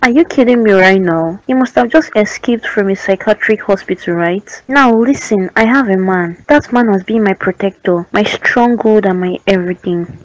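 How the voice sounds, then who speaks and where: A woman voicing a doctor and mother in a cartoon drama, quick to take offense and easily overcome. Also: mid-range voice, dry recording, lo-fi sound, natural voice. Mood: indignant. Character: doctor and mother, proud and distraught.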